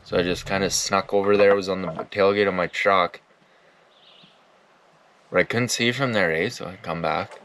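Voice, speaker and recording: A man's voice: sits low, fairly even intonation, normal speed, long pauses, fairly bright tone, slight background noise. A man giving casual, rambling commentary as he reacts to his old videos, laid-back and swearing often. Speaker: outdoors YouTuber.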